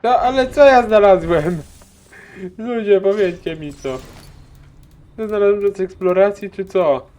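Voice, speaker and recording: A man commenting casually on the game he is playing, often exclaiming loudly and sounding puzzled. His voice is on the higher side. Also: moderate pace. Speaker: let's play gamer.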